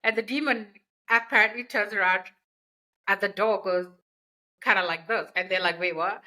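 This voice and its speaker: A woman's voice: mid-range voice, normal speed, pushed and bright, rough recording. A woman hosting a podcast, retelling a book's plot in a chatty, slangy way with asides. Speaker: podcast host. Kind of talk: casual book recap.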